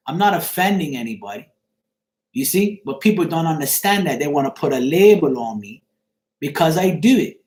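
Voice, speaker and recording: A man's voice: a little high, echoey room. A middle-aged man chatting casually to viewers on a live stream, rambling and checking if they follow him. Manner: rambling, repeats "you see what I'm saying".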